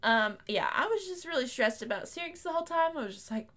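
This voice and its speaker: A woman's voice: sits high, expressive, quick pace, a bit bright. Chatty woman hosting a book podcast. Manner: laughs often, reads passages aloud. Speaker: podcast host. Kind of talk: casual book chat.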